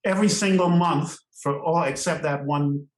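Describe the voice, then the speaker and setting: An older man from Trinidad, a podcast guest, telling stories in an animated way and laughing often between phrases. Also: fairly high pitch, normal speed, echoey room, poor audio. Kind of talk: storytelling interview.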